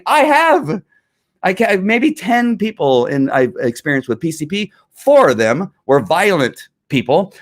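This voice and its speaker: Riled-up middle-aged man ranting. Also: fairly high pitch. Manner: riled up, animated, talks over himself with restarts. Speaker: former police officer. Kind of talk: heated ranting commentary.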